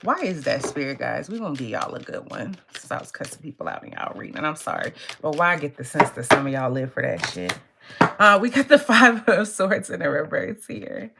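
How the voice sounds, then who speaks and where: Woman, tarot reader, low voice, gravelly fry, blunt, profane, laughs often, casual. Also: big pitch swings, fairly quick, background noise. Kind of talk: casual live tarot reading.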